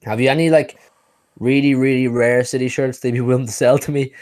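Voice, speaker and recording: A man's voice: mid-range voice, little pitch movement, a little fast, darkish tone. A man with a Dublin accent co-hosting a casual football watch-along, upbeat and reading out viewer comments. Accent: Dublin Irish. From Dublin, Ireland. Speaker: co-host.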